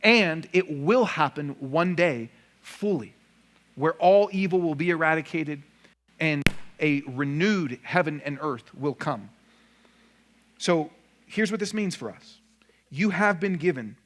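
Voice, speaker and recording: A pastor speaking to his congregation in a church room, his voice sitting a little high for a man. He preaches in an easy conversational way, tossing in rhetorical questions and quick asides. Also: animated, a bit bright. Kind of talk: sermon.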